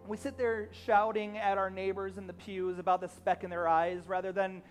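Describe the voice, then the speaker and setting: A man's voice: high voice, flat delivery, moderate pace, soft background music. A man preaching a sermon as a pastor, telling a story conversationally with fillers and acting out the lines.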